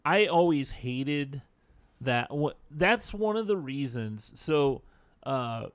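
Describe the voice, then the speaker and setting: A man co-hosting a podcast in casual chat, tossing in quick wisecracks and opinions. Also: medium pitch, expressive, dry recording. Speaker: podcast co-host.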